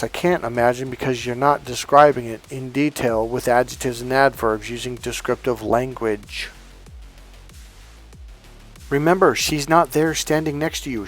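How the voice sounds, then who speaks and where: Profane, animated male dating coach. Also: medium pitch. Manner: profane, animated, acts out quoted voices. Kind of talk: casual monologue.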